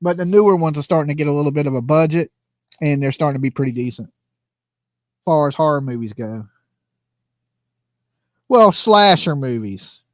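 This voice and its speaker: A man's voice: a little high, moderate pace, long pauses, no room sound, clean studio sound. A man hosting a casual livestream, joking, rambling and laughing often. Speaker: livestream host commenting on a trial.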